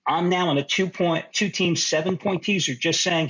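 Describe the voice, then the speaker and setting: Middle-aged man, husky, fairly high voice, dull lo-fi audio; animated sports bettor. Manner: animated, talks fast in bursts, laughs in disbelief. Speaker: sports betting analyst. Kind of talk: sports betting podcast chat.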